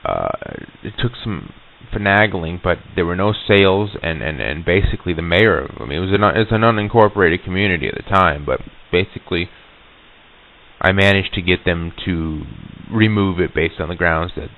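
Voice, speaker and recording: A man recounting an eerie encounter in a halting, casual way, with many restarts and fillers. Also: low voice, slight background noise. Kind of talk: casual spoken recollection. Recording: tinny lo-fi old reel-to-reel tape.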